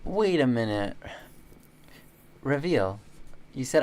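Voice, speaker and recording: A woman's voice: a bass voice, very animated, normal speed, a little mellow, a little hiss or hum. A laid-back American woman from Michigan chatting on a stream and reading chat aloud. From Michigan, USA. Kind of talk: casual chat.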